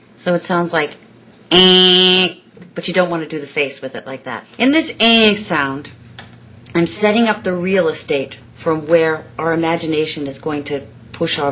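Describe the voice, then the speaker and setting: Woman vocal coach, low-pitched voice. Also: fairly bright tone. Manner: instructive, demonstrates sounds, gives quick praise. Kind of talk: vocal lesson.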